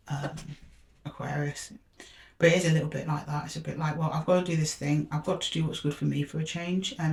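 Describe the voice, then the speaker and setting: A woman's voice: sits low, darkish tone. A woman doing a tarot reading to camera, talking casually and directly to the viewer and asking aloud for each card. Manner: chatty, talks straight to the viewer, asks aloud for each card. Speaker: tarot reader.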